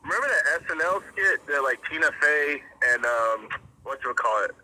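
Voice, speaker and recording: A man's voice: a little high, expressive, moderate pace, a crowd in the background, rough recording. A young man in casual chat, talking loosely with many fillers and frequent laughter. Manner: laughing often, lots of fillers. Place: Philadelphia.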